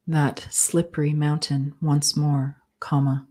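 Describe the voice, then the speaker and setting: Woman author dictating fiction live, low flat voice, measured, punctuation spoken. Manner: slow, measured, speaking punctuation aloud.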